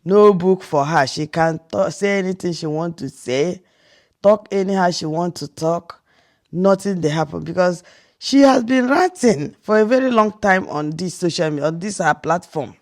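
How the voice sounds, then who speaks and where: A woman's voice: lowish voice, animated, moderate pace, darkish tone. A Nigerian woman from Nigeria giving casual reaction commentary as a vlogger, incredulous and rhetorical, often restarting her sentences.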